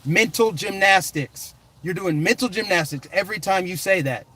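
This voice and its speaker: A man's voice: high-pitched, normal speed, pushed and bright. A man from the United States giving fired-up political commentary in an emphatic, combative, repetitive way.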